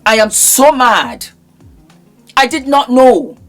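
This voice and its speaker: A woman's voice: sits high, lively intonation, slow. Woman ranting on her vlog, sore throat, repeats herself for emphasis, faint music under it. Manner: indignant, scolding, repetitive emphatic phrasing. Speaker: vlogger. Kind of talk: impassioned commentary monologue. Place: in England.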